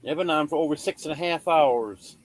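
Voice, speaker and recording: A man's voice: a little high, brisk, slight background noise. A man hosting a late-night livestream, talking in an easygoing, plain way. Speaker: livestream host. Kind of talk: casual late-night chat.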